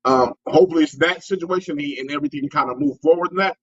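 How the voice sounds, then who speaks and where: Fast-talking husky man, lo-fi sound. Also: on the high side. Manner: rambling, repeats words, says you know often. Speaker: podcast co-host. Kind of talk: casual sports talk. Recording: dull lo-fi audio.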